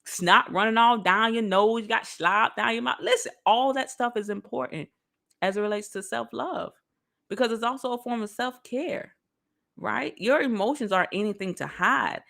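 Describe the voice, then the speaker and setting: A woman giving a casual motivational talk on self-love straight to her viewers, lively and preachy. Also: on the high side, vocal fry. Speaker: motivational speaker.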